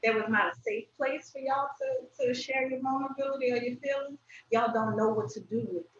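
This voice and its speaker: A woman hosting a podcast, asking probing questions in a playful, expressive way. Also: high-pitched, fairly quick, a little hiss or hum. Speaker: podcast host. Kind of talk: casual conversation. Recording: roomy, distant, dull sound.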